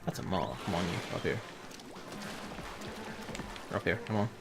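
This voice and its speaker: Male streamer, fairly low voice, blunt and sweary, game music playing behind. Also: expressive, a little slow, gravelly. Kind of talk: casual gaming chat.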